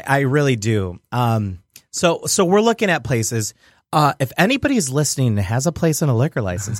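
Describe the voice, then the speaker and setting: A man's voice: mid-range voice, no echo, studio quality. A man who owns a restaurant, chatting casually on a radio show, acting out voices and laughing often. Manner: animated storyteller, acts out voices, laughs often. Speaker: restaurant owner.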